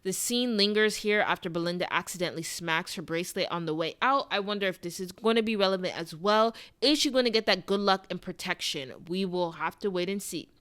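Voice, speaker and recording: A woman's voice: fairly low pitch, brisk, few pauses, fairly bright tone, clear, resonant tone. Wry woman reviewing a TV episode. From South Florida. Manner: opinionated, wry, with frequent asides. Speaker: TV review vlogger. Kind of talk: scripted review monologue.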